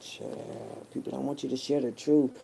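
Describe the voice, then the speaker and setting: A woman's voice: rumbling low, flat delivery, fast talker, gravelly, mellow, slight background noise. A woman vlogger in a profane, rambling monologue rant, repeating herself and calling listeners baby and child.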